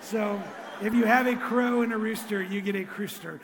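A man delivers a sermon in a loose, conversational manner, animated one moment and soft and intimate the next. His voice sits high for a man, and it carries a long reverb from a large hall. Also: moderate pace, background noise. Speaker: pastor.

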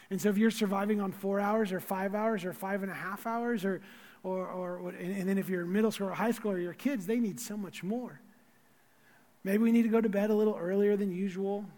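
A male pastor preaching a sermon in a church auditorium, telling stories in an animated way with many restarts and asides. His voice sits high for a man. A long reverb from the hall hangs on every phrase.

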